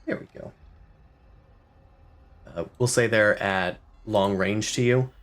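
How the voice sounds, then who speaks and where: A man's voice: on the low side, takes it slowly, a bit bright. A man acting as game master, loosely describing scenes and making rules calls. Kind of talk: running a tabletop game.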